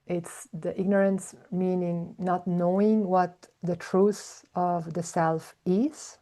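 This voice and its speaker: A woman speaks as a spiritual teacher in a slow, searching way, pausing on soft hums. Her voice sits a little low and has a mellow, dark warmth. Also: steady tone. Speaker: spiritual teacher, podcast host. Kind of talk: reflective spiritual talk.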